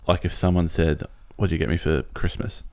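A man's voice: low voice, fairly even intonation, a little fast, dark tone. A young man co-hosting a podcast, talking hesitantly with many fillers. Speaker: podcast co-host. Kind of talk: casual chat.

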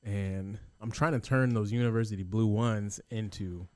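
A man's voice: on the low side, fairly even intonation, normal speed, a little mellow, no echo, studio quality. A young man co-hosting a podcast in laid-back casual chat. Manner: laid-back, says "bro". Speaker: podcast co-host.

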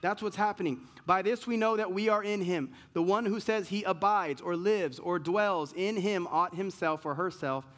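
A male pastor preaching a sermon, stressing key words slowly and swinging between loud emphasis and quiet asides. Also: high-pitched.

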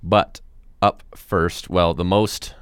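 A young man co-hosting a casual campus talk show, rambling and breaking into loud chanted cheers. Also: sits low, steady tone, slow, clear, resonant tone, dry recording, clean studio sound. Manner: rambling, yells cheers loudly. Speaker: co-host. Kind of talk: casual chat.

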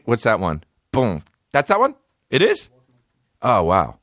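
A man hosting a podcast, telling stories in a rambling, swearing, comedic way and breaking into high, silly voices. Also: huge pitch swings, unhurried, fairly bright tone, no echo, clean studio sound. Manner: swearing, rambling, jumps into high-pitched impressions. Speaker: podcast host. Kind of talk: casual comedic rambling monologue.

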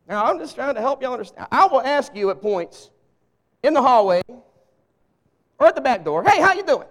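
High-voiced Southern US pastor, folksy. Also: male voice, sing-song, normal speed, long pauses, long reverb tail. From Southern US (Arkansas). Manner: folksy, jokey, talks straight to the congregation. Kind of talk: humorous sermon. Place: church sanctuary with a live congregation.

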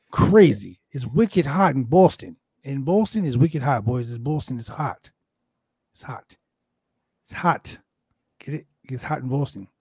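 A man's voice: slightly rough, no room sound. Jokey man recapping wrestling, dry sound. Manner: animated, jokey, acts out quoted lines in high voices. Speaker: podcast host. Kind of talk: casual wrestling recap chat.

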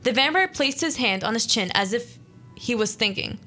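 Bright-voiced young woman hosting a radio show. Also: a little high, lively intonation, faint music behind. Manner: playful, quick, self-interrupting. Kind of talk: casual chat, reading an interactive story aloud. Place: small studio.

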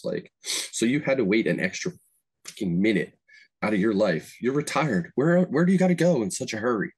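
A man's voice: a little fast, breathy edge. A man hosting a podcast in casual chat, telling stories with lots of swearing and jumping his voice up to act out other people. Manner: animated storyteller, acts out quotes with sharp pitch jumps, swears freely. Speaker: podcast host.

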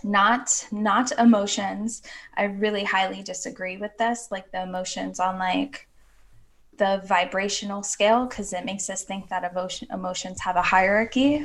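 Gravelly-voiced woman in earnest chat. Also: mid-range voice, steady tone, normal speed. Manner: earnest, flowing, many "like" fillers. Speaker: podcast guest, women's coach. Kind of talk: casual podcast chat.

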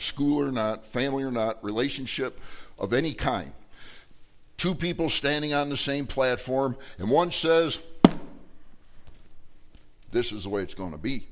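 A man preaching a sermon to his congregation, conversational and joking, acting out arguing voices with big swings in emphasis. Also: medium pitch. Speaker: pastor.

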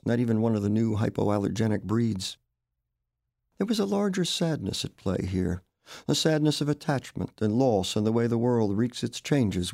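A man narrating his own literary story aloud, expressive and wry. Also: fairly low pitch, vocal fry, dry recording, studio quality. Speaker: author reading his story.

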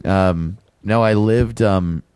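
A man's voice: fairly low pitch, slow, a little mellow, clean tone, no room sound, clean studio sound. A man co-hosting a casual podcast, telling a long story with many fillers and restarts. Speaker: podcast co-host. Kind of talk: casual chat.

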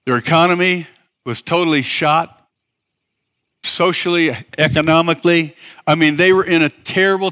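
At a church service, a male pastor preaches a sermon in a bright voice pitched a bit higher than most men's. He speaks emphatically, throws questions to the congregation for them to answer, and frequently stumbles and restarts his phrases.

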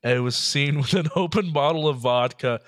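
A man's voice: fairly high pitch, moderate pace. A man co-hosting a podcast, casually recounting odd news stories, laughing often and slipping into mock voices. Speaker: podcast co-host.

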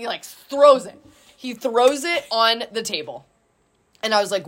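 Woman coach, lively storyteller, slightly high voice, acts out quotes. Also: measured pace. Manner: animated, acts out quotes with lots of "like". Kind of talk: casual storytelling chat.

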